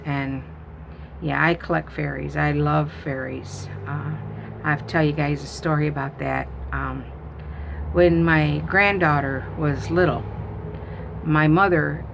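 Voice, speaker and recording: Grandma vlogging, low gravelly voice, rambles on with lots of ums, a little faint noise behind. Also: female voice. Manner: rambling, chatty, full of fillers. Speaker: grandmother and channel host. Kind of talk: casual storytelling to viewers.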